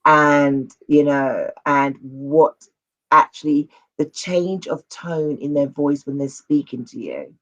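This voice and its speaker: A talk show host speaking casually and haltingly, restarting sentences often. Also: mid-range voice, highs cut off. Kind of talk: casual interview chat.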